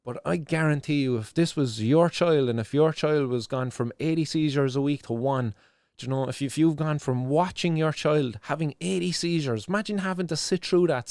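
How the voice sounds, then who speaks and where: A young Irish man hosts a live stream with a slightly high voice at normal speed, darkish in tone and recorded dry with clean studio sound. His emotional commentary is impassioned and full of swearing, with many restarts and repeated "do you know."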